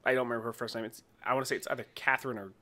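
A man co-hosting a podcast, chatting casually about a TV episode, laughing often and acting out lines from scenes. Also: mid-range voice. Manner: relaxed, laughs often, acts out scenes in quick voices. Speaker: podcast co-host. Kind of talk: casual TV recap chat.

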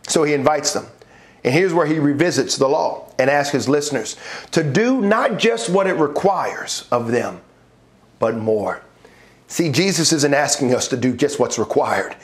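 A male pastor delivering a sermon, weaving in his own story with animated, acted-out quotes and easy laughter. He moves from heavy reflection into rousing calls to praise. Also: mid-range voice, unhurried. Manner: animated, acts out voices in his stories, laughs often. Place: church online worship service.

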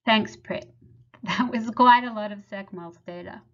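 Woman lab head, measured explanatory webinar talk, mid-pitched, slightly muffled audio. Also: fairly bright tone. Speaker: lab head presenting research. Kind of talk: prepared webinar presentation.

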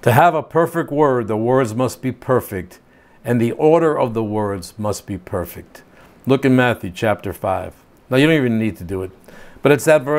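A man's voice: mid-range voice, darkish tone. Older man teaching a Bible study. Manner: reads scripture aloud, then explains in plain casual asides.

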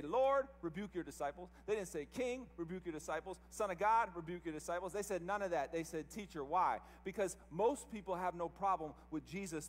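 A man's voice: a little high, long reverb tail. A male pastor preaching a sermon with emphasis, firing rhetorical questions at the congregation. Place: church service.

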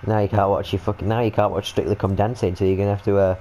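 A young British man doing excitable, swearing, joking commentary while playing a stealth game. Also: fairly low pitch, rapid-fire, slight background noise, rough recording. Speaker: gaming video host. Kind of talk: let's-play commentary.

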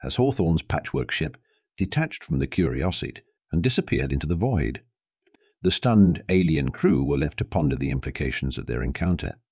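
A man narrating a science fiction story in a steady, dramatic storytelling manner. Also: extremely low pitch, moderate pace, breathy edge, no room sound, clean studio sound.

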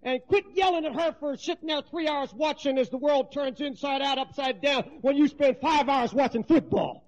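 A high-pitched man preaching with fervor, dropping low and then rising to shouts. The sound is dull and lo-fi, like an old 1970s sermon tape. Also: moderate pace. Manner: impassioned, swings between hushed and shouting.

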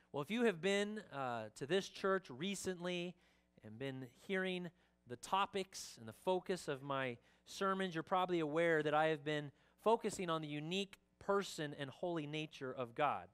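A pastor giving a Sunday sermon in a church, reading scripture earnestly and making casual asides with fillers. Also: male voice, on the high side, animated, moderate pace, fairly bright tone, clear, resonant tone. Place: church sanctuary.

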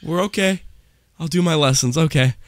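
A young man doing gameplay commentary for a horror game, jumpy and excitable, swearing a lot. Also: on the high side, normal speed, dry recording. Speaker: gaming YouTuber.

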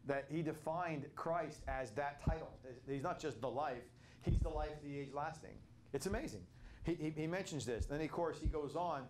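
A man's voice: fairly high pitch, a little hiss or hum. An older man leading a casual Bible study reflection, telling stories in a rambling way with many restarts.

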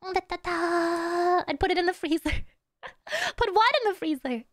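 A woman's voice: very high voice, expressive, a little slow, fairly bright tone, no echo, clean studio sound. A woman streamer chatting casually and playfully with her audience, humming little tunes between thoughts and teasing her chat.

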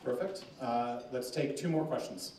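A man moderates a Q&A with easygoing, joking asides. His tone is warm and mellow. He is heard from a distance in a roomy, echoing hall. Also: mid-range voice, measured pace. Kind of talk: moderating a Q&A session. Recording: echoey conference room, distant mic, faint noise.

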